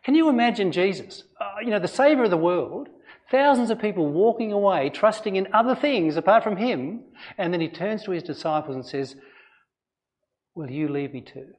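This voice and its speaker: A man's voice: high voice, lively intonation, fairly quick. A man, a pastor giving an earnest, conversational sermon full of rhetorical questions. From Australia.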